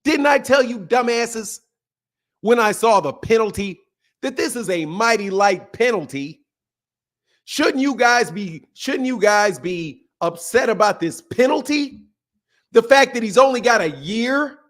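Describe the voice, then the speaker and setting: Profane animated man ranting. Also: very high-pitched, a little slow. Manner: profane, mocking, swings loud and soft. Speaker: boxing channel host. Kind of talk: ranting commentary.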